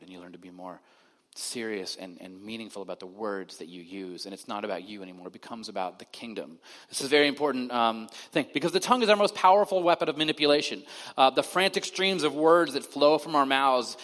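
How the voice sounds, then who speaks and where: A man preaching a sermon in a conversational way, his voice rising to loud emphasis and then dropping to a hushed quiet. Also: on the high side. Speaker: pastor. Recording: long hall reverb.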